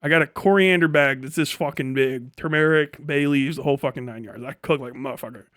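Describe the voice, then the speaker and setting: A middle-aged man hosting a livestream, talking in a casual, animated rant with frequent swearing and incredulous outbursts. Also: a little high, quick pace. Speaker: livestream host.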